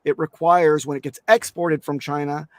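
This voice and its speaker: A man's voice: a little high, fairly even intonation, moderate pace, no room sound, clean studio sound. A man speaking as a guest on a crypto interview show, emphatic and blunt, swearing casually and restarting his sentences often.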